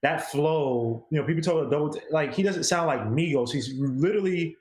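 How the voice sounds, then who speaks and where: A man's voice: on the high side, brisk, darkish tone, reverberant, slight background noise. A man co-hosting a casual music review, talking in a rambling, chatty way. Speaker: co-host.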